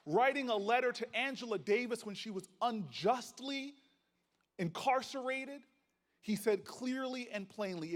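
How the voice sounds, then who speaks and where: A man's voice: very high-pitched, lively intonation, measured pace. A man giving an impassioned political speech at a conference, rousing and rhythmic with repetition and folksy storytelling. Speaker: senator giving a keynote. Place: large conference hall. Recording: long reverb of a large hall.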